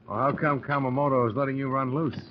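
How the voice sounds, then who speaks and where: A man's voice: medium pitch, steady tone, fast talker. A man playing a hard-boiled detective who also narrates, wry and clipped, in 1940s radio acting. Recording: dull noisy old radio recording.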